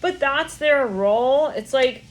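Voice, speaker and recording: Speaking slowly in a high voice, this young tarot reader gives a channeled reading. Her words spill out as stream-of-consciousness rambling, full of curses and frequent laughter.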